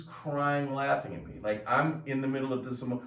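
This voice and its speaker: A middle-aged man hosting a casual home show, telling stories in a lively, chatty way with plenty of fillers. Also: medium pitch, moderate pace, few pauses. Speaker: host. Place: home room with family. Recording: echoey room, mic at a distance.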